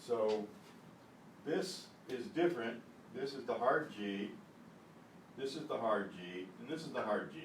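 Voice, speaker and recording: A man teaching an online beginner language lesson, repeating words slowly with exaggerated pronunciation. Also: medium pitch. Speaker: Spanish teacher. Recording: echoey room, distant mic, faint hiss.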